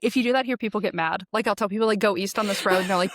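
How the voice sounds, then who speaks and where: Young woman podcast host from Alabama, chatty and animated, medium pitch, close dry sound. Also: racing, hardly any pauses, no echo. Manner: chatty, animated, many fillers and asides. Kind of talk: casual conversation.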